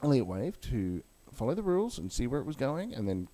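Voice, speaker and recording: A man's voice: medium pitch, big pitch swings, brisk, warm tone. A man ranting heatedly and swearing bluntly about the crypto market, then walking through chart analysis in a video. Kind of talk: angry rant and chart commentary.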